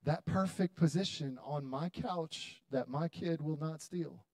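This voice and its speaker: A man in his thirties preaching a sermon to his church, building to loud, dramatic appeals with long pauses. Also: a little high, no echo. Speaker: pastor. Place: church hall.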